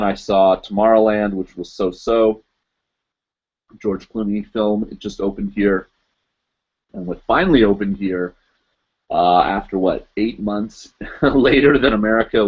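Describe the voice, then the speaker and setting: A man's voice: on the low side, darkish tone. A man hosting a casual live chat, rambling and searching for words, full of fillers and restarts. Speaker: podcast host. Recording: dull lo-fi stream audio.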